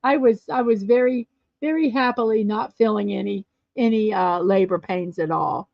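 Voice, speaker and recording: A woman hosting a casual livestream chat show, chatty and quick to laugh as she tells stories and answers viewer comments. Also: medium pitch, gravelly, no room sound. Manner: chatty, laughs often, storytelling. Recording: dull lo-fi dry sound.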